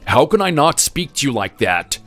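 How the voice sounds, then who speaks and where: A man's voice: mid-range voice, very animated, normal speed, a bit bright, soft background music. A man voicing an exasperated son-in-law in a voice-acted text story, speaking bluntly and scolding. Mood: angry.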